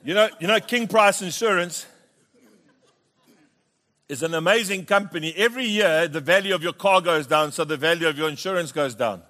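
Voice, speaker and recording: Animated pastor, high voice. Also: male voice, moderate pace. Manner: animated, repeats words, rallies with "Amen?". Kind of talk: sermon with comic storytelling.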